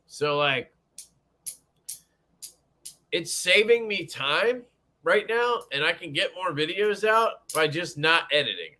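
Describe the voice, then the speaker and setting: A man's voice: on the high side, pushed and bright. A young man hosting a casual livestream, joking, cursing freely and greeting chat viewers by name. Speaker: livestream host.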